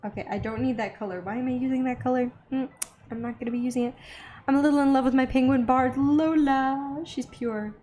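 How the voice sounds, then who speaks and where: A young woman hosting an art channel, chatting casually and excitedly while she draws, rambling with lots of little gasps. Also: sits high, a little fast, faint music behind. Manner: bubbly, easily excited, rambling. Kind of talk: casual chat while drawing.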